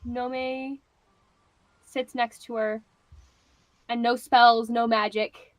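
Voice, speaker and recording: A woman playing a tabletop role-playing game, gently narrating her character. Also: on the high side, little pitch movement, drawn-out words, no echo. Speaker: player.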